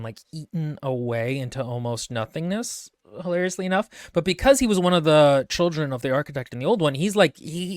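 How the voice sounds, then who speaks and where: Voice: medium pitch, dry recording, studio quality. A podcast co-host giving a rambling, laughing recap of a fantasy book series with many restarts. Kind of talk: casual book discussion.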